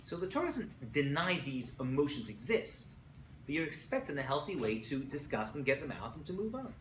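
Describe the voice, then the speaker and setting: A man teaching a lively class as a rabbi, telling stories with acted-out quotes and checking in with frequent asides. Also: fairly high pitch, a little fast. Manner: animated storytelling with acted quotes, many "right?" asides. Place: college classroom. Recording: echoey room, faint noise.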